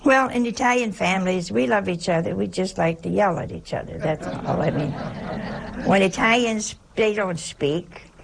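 A woman's voice: mid-range voice, normal speed, creaky, slight background noise, low-quality recording. A woman, a nun, preaching a folksy sermon in a chatty, humorous way, full of rhetorical questions.

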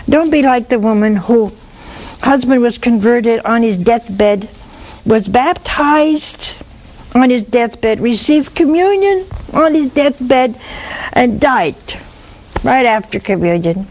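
A woman giving gentle, folksy spiritual counsel to a caller, often checking in with "see?". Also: on the high side, animated, slow, poor audio. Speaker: religious advice host.

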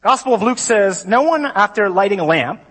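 Male priest, humorous sermon, lively storyteller, slightly raised voice, long hall reverb. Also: sits high, moderate pace, slightly rough. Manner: lively storytelling, mock-dramatic asides. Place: large conference hall.

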